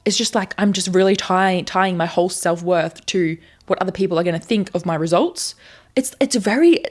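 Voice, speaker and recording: A young woman in her twenties talking candidly to camera in a confessional vlog, earnest and rambling as she reflects on herself. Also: fairly low pitch. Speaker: content creator.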